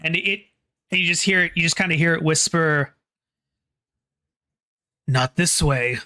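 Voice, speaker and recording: A game master running a tabletop horror game, halting and restarting phrases while describing the scene and calling for rolls. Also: mid-range voice, steady tone, sharp tone.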